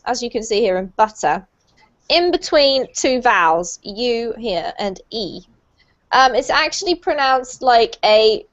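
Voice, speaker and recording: A British woman leads an online English pronunciation class, patient and encouraging as she explains. Her voice sits a little high. The audio is muffled, as over a video call. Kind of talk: online group lesson.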